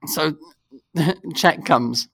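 A man's voice: on the high side, extremely slow, gravelly, slightly rough, dry recording. A young man in casual chat, animatedly telling a funny story and laughing through it. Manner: animated, laughs through his story, acts out quoted voices.

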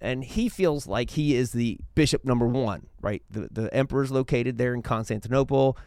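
A man giving a casual, lecture-style talk on church history, telling it as a lively story with quick changes of tone. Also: smooth, no room sound, studio quality. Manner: animated storytelling, acts out quotes with shifting pitch.

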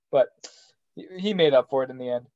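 A man co-hosting a podcast in casual chat, joking and halting with frequent restarts. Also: medium pitch, lively intonation, a little mellow. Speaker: podcast co-host. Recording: dull lo-fi sound.

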